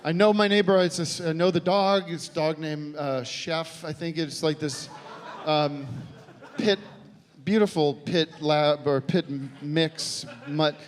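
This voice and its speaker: An American man doing a stand-up comedy set on a theater stage, talking in a halting, deadpan way full of restarts. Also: fairly high pitch. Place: theater stage before a live audience. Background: audience laughter.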